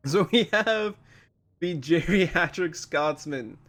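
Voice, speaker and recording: A man hosting a casual episode reaction review, chatty and quick with frequent laughs. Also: a little high, a bit bright. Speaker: channel host.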